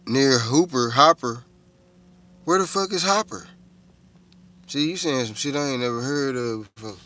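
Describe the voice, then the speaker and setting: This middle-aged man streams live, his medium-pitched voice bright and forceful at an ordinary pace. Swearing casually, he drifts from one idea to another while talking with viewers.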